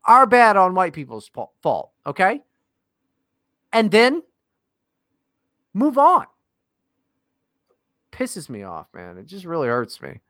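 A man's voice: high voice, huge pitch swings, slow, long pauses, fairly bright tone, no echo, clean studio sound. A man co-hosting a podcast, ranting in a casual, profane and exasperated way. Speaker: podcast co-host.

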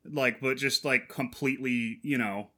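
A man's voice: mid-range voice, fairly even intonation, measured pace, pushed and bright. A man co-hosting a casual podcast, talking in sarcastic, rambling runs full of fillers and swearing. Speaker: podcast co-host. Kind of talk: casual chat.

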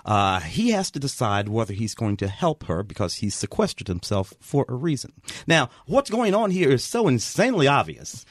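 A man's voice: medium pitch, very animated, normal speed, dry recording, studio quality. A man reviewing a film on a radio panel, wry and sarcastic. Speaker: film critic. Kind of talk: casual panel chat on radio. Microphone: studio microphone.

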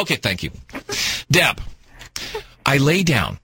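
Male radio host, high bright voice, lively comic storytelling, slightly husky, dry studio sound. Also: brisk, no room sound. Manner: animated, exaggerated, theatrical cries of alarm. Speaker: radio talk show host.

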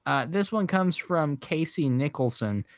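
A man's voice: fairly high pitch, lively intonation, a little slow, dry recording, clean studio sound. A man co-hosting a podcast in casual chat, laughing often and telling stories with animation. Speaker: podcast co-host.

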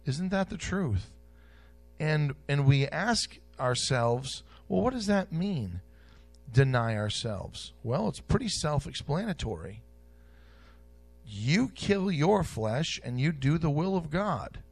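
A man delivers a sermon in a church at a slow, deliberate pace. His voice sits a little higher than most men's. He repeats key phrases and moves between loud declarations and quiet asides. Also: sing-song, vocal fry. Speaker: preacher.

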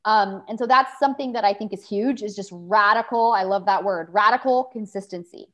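A woman's voice: mid-range voice, fairly quick, a bit bright. A woman, an interview guest, talking earnestly and reflectively about her business. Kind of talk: casual interview chat.

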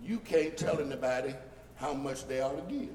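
A male pastor preaching a sermon, building from quiet explaining to loud shouted points and mocking the voices of critics. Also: medium pitch, moderate pace. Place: church sanctuary. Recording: echoey hall from far off.

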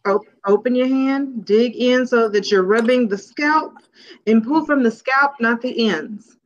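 A woman's voice: fairly high pitch, measured pace. A woman co-hosting a casual panel chat, speaking bluntly and giving practical instructions. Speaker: podcast co-host. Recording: muffled, dull sound.

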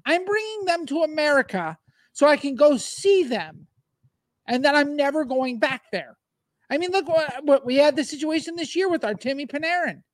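A man's voice: very high-pitched, lively intonation, normal speed, dry recording. A man from Minnesota co-hosting a sports podcast, cracking jokes and asking exaggerated questions. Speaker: podcast co-host. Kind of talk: casual sports chat.

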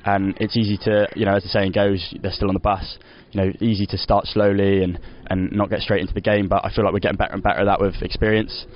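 A man's voice: fairly low pitch, little pitch movement, quick pace, few pauses, dull audio. A young man, a footballer, chatting in an interview, rambling with lots of "you know" and restarts. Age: young adult. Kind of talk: casual post-match interview.

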